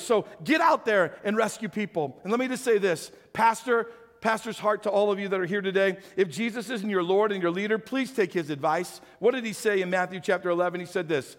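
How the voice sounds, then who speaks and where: A male pastor preaching with a high-pitched voice. He moves between loud acted shouting and quiet, low-voiced appeals to the congregation, and his voice carries a long reverb from a large hall. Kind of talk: sermon.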